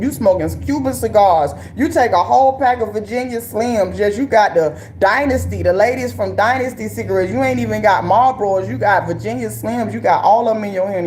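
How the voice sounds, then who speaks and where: A woman's voice: mid-range voice, a little mellow, a little hiss or hum. A woman with ranting about politics in loose, profane comic riffs. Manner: loose, profane and riffing, with slang and rhetorical asides. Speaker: commentator. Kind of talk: comedic political rant.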